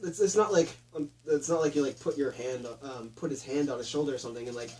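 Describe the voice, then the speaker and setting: A man's voice: mid-range voice, fast talker. A man co-hosting a casual movie review chat, giggling often and mocking the film in jokes. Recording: somewhat distant mic with faint noise.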